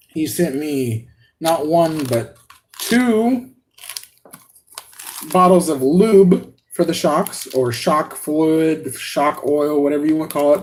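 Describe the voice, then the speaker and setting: A man with a somewhat high voice chats on a live unboxing stream. He rambles with excitement, trips over his words and laughs often. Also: slight background noise. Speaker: RC hobby channel host.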